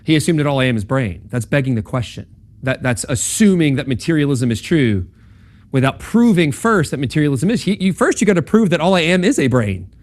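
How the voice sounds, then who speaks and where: Here the lecturer's voice sits fairly high and sounds very animated, moving a little fast. It's an informal campus talk where he stays conversational, checks in with "right?" and "okay?", and acts out quoted speakers in dialogue.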